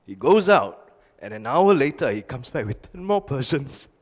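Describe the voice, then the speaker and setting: A man's voice: mid-range voice, sing-song, normal speed. A male pastor preaching a sermon, telling stories animatedly with emphatic repetition. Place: church sanctuary. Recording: long church reverb.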